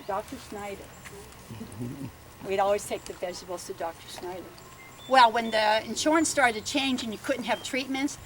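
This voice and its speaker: An older woman from Bellevue, Pennsylvania, speaks outdoors at a garden ceremony as a family speaker at a land dedication, her voice on the high side. Chatty and laughing, she tells stories and often tags "huh?" onto her sentences. The audio is poor, with a little hiss or hum.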